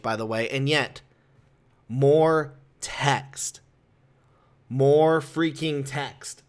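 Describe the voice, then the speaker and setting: A young man giving casual commentary as a comic book reviewer, ranting in an exasperated, animated way. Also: fairly high pitch.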